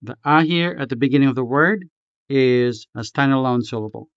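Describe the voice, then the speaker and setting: A man teaching a language lesson, reading a script slowly and carefully, spelling out each syllable. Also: medium pitch, clean tone, dry recording, muffled recording. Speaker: language tutor.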